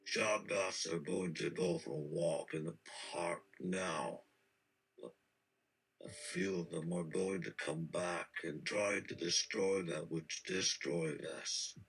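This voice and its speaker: A man's voice: low-pitched, takes it slowly, creaky, a bit bright, husky, exaggerated voice, rough recording. A man reading out the answers of a menacing shapeshifting shoggoth monster in character, pompous and threatening, speaking in proclamations. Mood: scornful.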